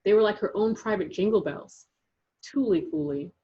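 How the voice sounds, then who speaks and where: Woman storybook narrator, husky, dull lo-fi audio, lively read-aloud. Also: mid-range voice, normal speed. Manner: lively, rhythmic reading. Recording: dull lo-fi recording.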